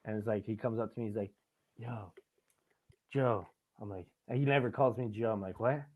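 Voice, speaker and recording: Speaking at a quick clip in a fairly low voice, this young adult podcast host chats casually, telling meandering, foul-mouthed stories and cracking up at them himself. The audio has a thin, phone-like tinniness.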